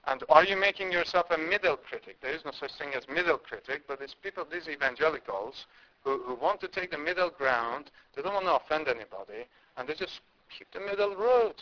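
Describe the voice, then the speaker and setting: A man's voice: a little high, lively intonation, brisk, sharp tone. A man from India preaching a sermon, impassioned, with emphatic rises and repeated words. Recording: dull lo-fi recording.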